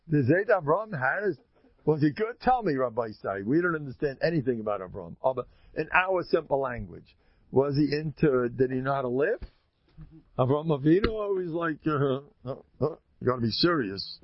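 A man teaching a Torah class, telling the stories in an animated way and acting out the characters. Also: on the high side, vocal fry, no room sound, lo-fi sound.

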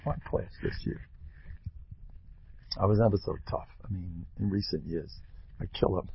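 A man's voice: sits low, normal speed, creaky, lo-fi sound, a little hiss or hum. A man giving an informal, joking Torah talk, acting out quotes. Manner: animated, joking, acts out quotes. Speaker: rebbe and speaker.

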